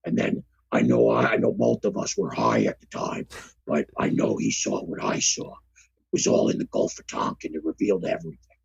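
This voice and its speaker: A man doing an impression of a boastful older ex-wrestler turned governor, in a very deep, gravelly growl, rambling through tall tales. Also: lively intonation, moderate pace, lo-fi sound, full character voice.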